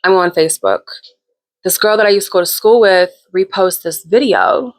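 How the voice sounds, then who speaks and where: A woman's voice: mid-range voice, moderate pace. A woman hosting her own show, telling a personal story in a candid, chatty way with plenty of swearing. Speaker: host. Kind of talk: casual storytelling.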